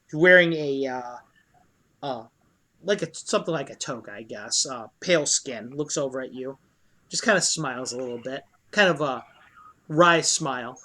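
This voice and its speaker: A man narrating as dungeon master in a tabletop role-play game, loose and halting with many fillers. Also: medium pitch, pushed and bright.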